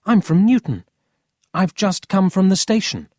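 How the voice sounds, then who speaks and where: A narrator voicing a quick-tempered, earnest country boy in a storybook reading. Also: medium pitch, big pitch swings, dark tone, dry recording, studio quality, voice pushed up.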